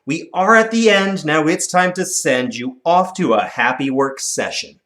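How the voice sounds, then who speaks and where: A man teaches children in a playful, encouraging tone. His pitch rises and falls a lot, and he takes his time. He counts out each syllable slowly and clearly. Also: lively intonation, pushed and bright. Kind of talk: recorded classroom lesson for children.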